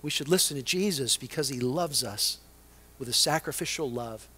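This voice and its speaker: A male pastor preaching a sermon, swinging between loud emphasis and hushed, dramatic lines. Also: medium pitch, moderate pace, husky.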